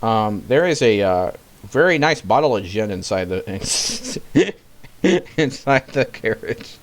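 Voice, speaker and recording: A man's voice: on the low side, big pitch swings, takes it slowly. A man from Tennessee acting as game master, narrating in a laid-back way. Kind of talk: running a tabletop game over voice chat.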